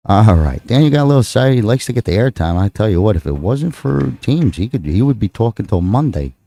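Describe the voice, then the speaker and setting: A man's voice: fairly low pitch, very animated, fairly quick, few pauses, warm tone, no room sound. A man with a Texan accent calling a live pool match, rambling and joking with his co-host between shots. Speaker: pool commentator. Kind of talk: live play-by-play commentary.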